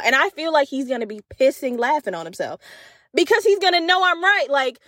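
A woman in her twenties hosting a casual solo podcast, telling comedic, profane stories with an animated delivery and lots of "like.". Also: high-pitched, a little fast. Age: 20s. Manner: frequent fillers like "like". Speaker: podcast host.

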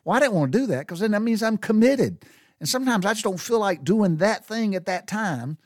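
A man's voice: high voice, expressive, fairly quick, dry recording, studio quality. An older man, hosting a casual solo podcast in a rambling, profane, folksy way. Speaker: podcast host.

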